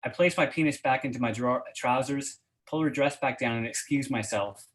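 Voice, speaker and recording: A man reading first-person fiction aloud at a reading event in a steady voice, hesitant and full of fillers when he chats. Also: mid-range voice, brisk, rough recording. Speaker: guest reader.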